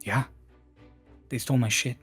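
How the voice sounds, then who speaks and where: A man doing a gruff, cursing grump. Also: medium pitch, fairly even intonation, normal speed, a bit bright, soft background music. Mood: grumbling. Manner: blunt, profane.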